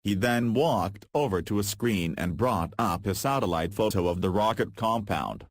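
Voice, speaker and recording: A man reading a fan-fiction story aloud in a flat, deadpan manner. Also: lowish voice, moderate pace, few pauses, no echo.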